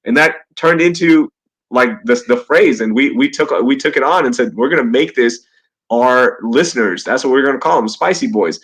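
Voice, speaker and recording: A man hosting a casual live podcast from home, upbeat and jokey, quick to laugh, talking into a cheap gaming headset. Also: mid-range voice, fairly bright tone. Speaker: podcast host.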